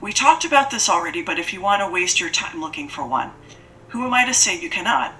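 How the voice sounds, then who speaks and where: A woman's voice: on the low side, animated, brisk, sharp tone, far from the mic, slight background noise, poor audio. A woman doing a cool, formal female monster. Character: aloof female monster fattening up a child.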